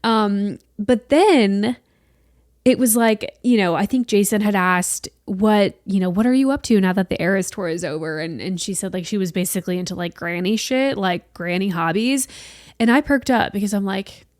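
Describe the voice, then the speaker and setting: A woman in her late twenties hosting a solo podcast, chatting in an animated way and swearing casually. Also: mid-range voice, normal speed, no echo, clean studio sound. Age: late 20s. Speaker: podcast host.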